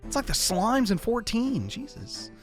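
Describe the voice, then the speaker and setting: A man doing let's-play commentary as a YouTuber, excitable and jokey with loud outbursts. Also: very high-pitched, measured pace. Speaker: gaming YouTuber. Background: faint game music.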